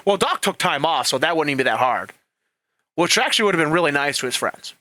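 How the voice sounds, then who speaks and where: A man talks through a casual opinion commentary, loose and profane, slipping into quoted voices. His voice is bright and a little high. The sound is dry and close. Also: lively intonation, fast, dry recording. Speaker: commentary channel host.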